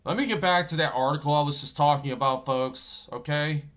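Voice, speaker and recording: A man hosting an end-times prophecy channel, talking loudly and excitedly while browsing news, with a sore throat and a habit of saying "folks". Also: on the high side, a little fast. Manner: loud and excited, often yelling, says "folks" constantly.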